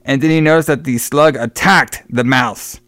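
Loose, profane man, smooth dry voice. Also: mid-range voice, unhurried, a bit bright, dry recording. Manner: loose, profane, acts out scenes with quoted voices. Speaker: podcast co-host reviewing horror films. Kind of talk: casual chat.

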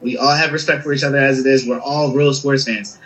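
A man's voice: mid-range voice, fairly even intonation, a little fast, fairly bright tone, poor audio. A man co-hosting a sports podcast, talking emphatically and calling people bro. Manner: emphatic, repeats "listen" and "bro". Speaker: podcast co-host. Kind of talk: casual sports podcast chat.

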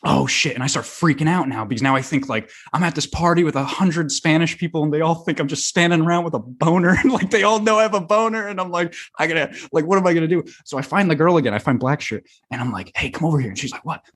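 Young American man, husky, podcast host; rambling, animated storyteller. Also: fairly high pitch, quick pace, few pauses. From United States. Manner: rambling, animated, lots of fillers and swearing. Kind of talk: casual storytelling.

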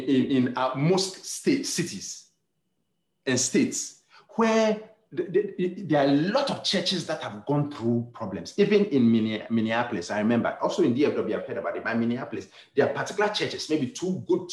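A man's voice: fairly high pitch, reverberant. A male pastor preaching a sermon, telling stories and acting out the dialogue, with many repeated words and restarts. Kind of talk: sermon storytelling.

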